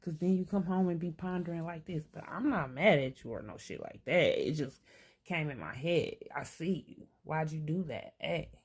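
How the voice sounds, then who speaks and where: An older woman with a deep, low voice speaks unscripted to camera, working through her own thoughts in a candid monologue. Blunt and streetwise, she swears freely and occasionally talks to herself, her voice expressive, slightly rough, and at normal speed.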